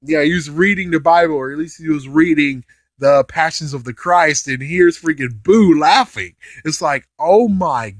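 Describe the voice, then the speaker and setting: A young man recapping an anime episode in casual chat, excitable, laughing often and swearing as he acts out characters' lines. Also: on the high side, moderate pace, dry recording.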